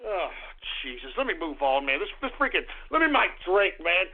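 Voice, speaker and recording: A man's voice: high-pitched, sing-song, fairly quick. Angry, crude man ranting on talk radio. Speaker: radio host. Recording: tinny phone-like radio sound.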